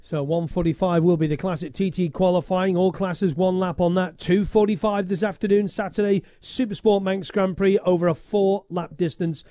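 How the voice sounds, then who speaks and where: A man commentating on a motorbike road race for radio, briskly reading out results and finishing positions. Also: high-pitched, fairly even intonation, mellow, no room sound, studio quality. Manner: brisk, reads results in quick lists. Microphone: studio commentary box mic.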